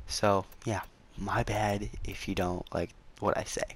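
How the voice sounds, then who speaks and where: A man's voice: on the low side, level tone, measured pace, slightly rough. A man hosting his small gaming channel, rambling casually and defensively, repeating himself and stuttering often. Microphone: console game capture.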